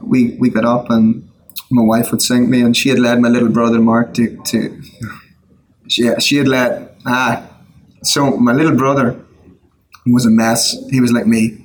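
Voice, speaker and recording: A middle-aged Irish man, a songwriter, telling his personal story in a casual interview, earnest with quick asides and restarts. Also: mid-range voice, flat delivery, slight background noise, rough recording. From Ireland. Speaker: guest, worship songwriter.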